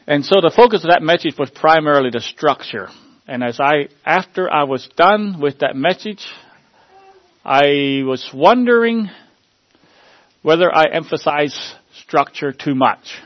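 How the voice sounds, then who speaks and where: A man preaching as a pastor, praying and then giving a sermon in an earnest, halting way with repeated words and fillers. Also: a little high, expressive, no room sound, muffled recording. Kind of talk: sermon with opening prayer.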